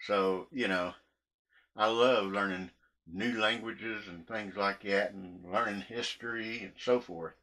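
A man's voice: on the low side, steady tone, slow, bright, forceful tone. A man telling meandering stories while he cooks in his kitchen, chuckling often between sentences. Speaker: cooking vlogger. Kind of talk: rambling story told while cooking.

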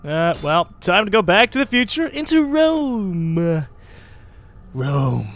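A man's voice: high voice, a bit bright. A man giving casual commentary as he plays a video game, rambling, joking and swearing often. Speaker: let's play host.

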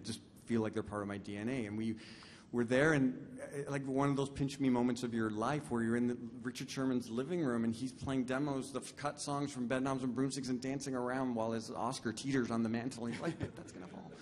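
A man's voice: on the low side, slight background noise. A man, a composer and lyricist, chatting casually on stage, enthusiastic and self-deprecating. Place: concert stage. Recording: long hall reverb.

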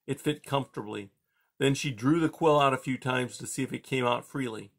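A man calmly reading a children's novel aloud, chapter by chapter. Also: mid-range voice, a little fast. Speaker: audiobook reader.

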